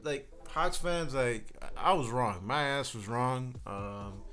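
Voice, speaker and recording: A man's voice: medium pitch, slow pace, a bit bright. A man co-hosting a sports podcast, telling stories in a loose, profane, rambling way with lots of restarts. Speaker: podcast co-host. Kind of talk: casual sports chat.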